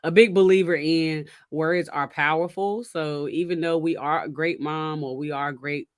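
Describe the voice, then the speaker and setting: A woman's voice: low-pitched, normal speed, no echo, clean studio sound. A woman, co-hosting a podcast in casual chat, telling stories and acting out quotes with laughter. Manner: animated storyteller, acts out quotes with laughter. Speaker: podcast co-host.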